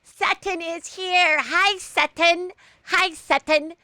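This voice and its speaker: A woman doing an impression of a bubbly, high-voiced middle-aged actress, sing-song and girlish. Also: fairly even intonation, slow pace, sharp tone, dry recording, heavily acted. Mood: gushing. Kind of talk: celebrity impression in casual podcast talk.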